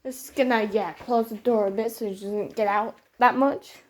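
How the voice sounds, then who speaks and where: A woman's voice: fairly high pitch, fairly even intonation, normal speed, a little mellow, a little hiss or hum. A young woman casually vlogging at home, chatting to viewers and coaxing her dog in a sing-song voice. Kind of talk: casual vlog narration.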